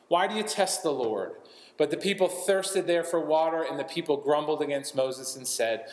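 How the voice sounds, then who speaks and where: Man preaching in an echoey hall. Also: fairly high pitch. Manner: expository, reading scripture aloud with asides. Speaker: pastor. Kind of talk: sermon.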